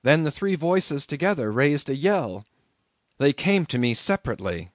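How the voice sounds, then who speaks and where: A man voicing a shaken young sailor who recounts a disaster in a hushed, flat, haunted way. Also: moderate pace, no room sound. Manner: quiet, flat, low-voiced telling.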